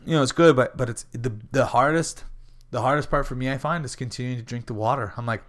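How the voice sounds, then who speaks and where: Speaking fast in a fairly bright, mid-range voice, a thirty-something MMA fighter chats casually as a podcast guest. His story wanders, and he mimics each person he quotes.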